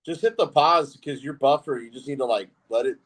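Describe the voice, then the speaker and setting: A man's voice: mid-range voice, fairly quick, fairly bright tone. A man hosting a live reaction stream, commenting in a blunt, profane way. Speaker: host reacting to videos.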